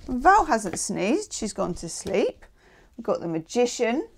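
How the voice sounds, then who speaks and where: A woman's voice: on the high side, sing-song, slow pace, vocal fry, breathy edge. A woman giving a casual, chatty tarot reading. She is encouraging and often checks in with "okay?". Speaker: tarot reader.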